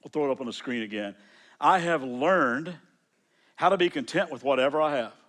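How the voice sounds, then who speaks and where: Halting, conversational man preaching a sermon. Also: medium pitch, expressive. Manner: conversational, halting with frequent restarts. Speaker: pastor. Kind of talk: sermon storytelling.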